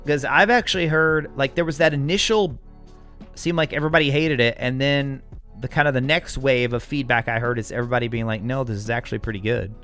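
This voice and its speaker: A man's voice: mid-range voice, brisk, fairly bright tone, clean tone, faint music behind. An American man hosting a live stream, chatting casually and answering viewers' comments with frequent chuckles. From United States. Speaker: livestream host. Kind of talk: casual live-chat talk.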